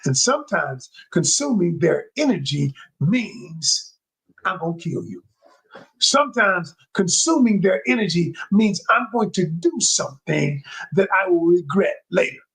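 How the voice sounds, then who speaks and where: Animated, husky-voiced male coach. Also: measured pace, rough recording. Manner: emphatic and repetitive, addresses listeners directly; drops his voice low to demonstrate calm. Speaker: communication coach. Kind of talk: motivational talk to an audience.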